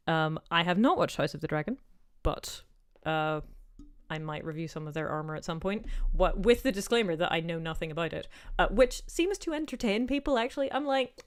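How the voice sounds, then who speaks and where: Chatty woman with a softened Northern Irish accent. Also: fairly low pitch, normal speed, clear, resonant tone. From Northern Ireland. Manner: chatty and rambling, with many "um" and "like" asides. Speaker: YouTuber host answering viewer questions. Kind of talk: casual livestream Q&A chat.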